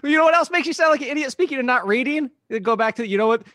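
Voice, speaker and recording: A man calling in from home as a guest analyst, talking in a relaxed, conversational way. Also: very high-pitched, racing, no room sound. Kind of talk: casual podcast chat, call-in.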